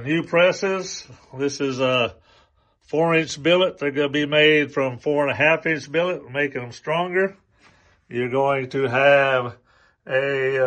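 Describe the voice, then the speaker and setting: A man hosting a product demonstration, talking plainly and slowly with many pauses and fillers. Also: medium pitch, a bit bright. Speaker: host.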